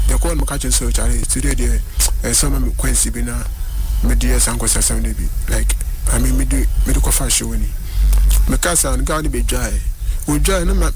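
A man telling a personal story on a radio phone-in, switching between languages and often saying "yes, please". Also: medium pitch. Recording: radio broadcast with music behind. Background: music.

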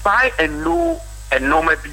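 A Ghanaian doctor speaks as a guest on a radio show, explaining his advice in a measured way. His voice is very bright and fairly high, with a lively, wide-ranging melody. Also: vocal fry, rough recording.

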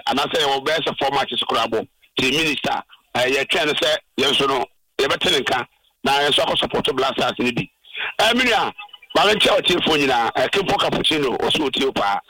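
A man's voice: fairly high pitch, pushed and bright, slight background noise, low-quality recording. A man with a Ghanaian accent calling a radio sports show, talking with passion and many hesitant fillers. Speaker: caller. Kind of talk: call-in radio talk.

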